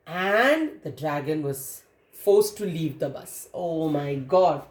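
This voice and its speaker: A woman storyteller reading a children's story, pausing to ask her listeners questions, in a roomy, echoey recording. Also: lowish voice, a little mellow. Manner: interactive, asks listeners questions. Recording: roomy echo.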